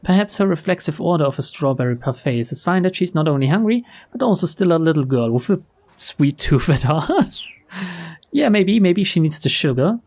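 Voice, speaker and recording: A young man reads a visual novel aloud for viewers, his voice sitting a bit higher than most men's. He switches between plain narration and relaxed, chuckling side remarks. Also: a little fast. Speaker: let's player.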